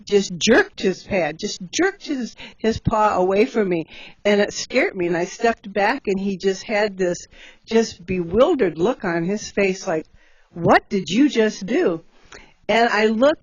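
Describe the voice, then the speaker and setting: A woman's voice: mid-range voice, no echo, muffled recording. A woman who cares for bears, telling stories in a casual, chatty way with many fillers and laughs. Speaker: bear sanctuary caretaker telling stories. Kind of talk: casual storytelling on a livestream.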